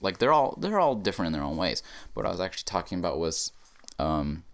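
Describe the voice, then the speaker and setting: Low-pitched young man, lively swooping delivery, profane comedic rant, podcast host. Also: fast. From Texas. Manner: profane, animated ranting with sudden pitch jumps.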